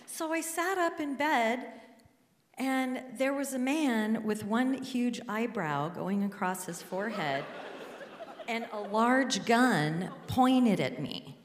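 A woman's voice: slow pace, slight background noise. A woman from Alaska telling a true story on stage with a handheld mic, dramatically acting out the people in it. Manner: dramatic, quotes husband in a high panicked voice. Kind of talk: live storytelling. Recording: echoey hall.

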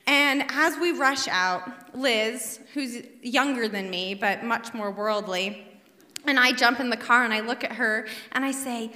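A woman telling a comic story on stage in a bubbly, self-mocking way. Her voice sits high and bright, and the hall gives it a long reverb. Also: unhurried. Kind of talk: live storytelling. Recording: echoey hall.

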